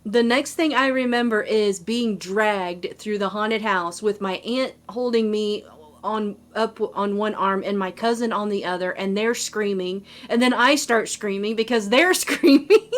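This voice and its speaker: A woman co-hosting a podcast, telling a personal story in a casual, animated way with lots of fillers. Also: medium pitch, measured pace. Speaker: podcast co-host.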